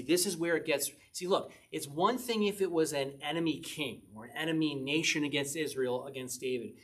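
Husky man preaching with animated questions. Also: a little high. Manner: conversational teaching, asks the audience questions, reads scripture aloud with emphasis. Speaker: pastor. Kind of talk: sermon.

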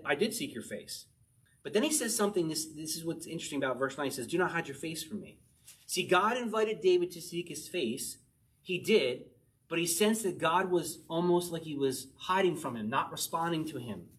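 Male preacher, slightly high voice, lively sermon delivery with slow emphatic verse readings. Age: adult, married. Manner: animated preaching, shifts between fast asides and slow emphatic verse reading. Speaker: pastor.

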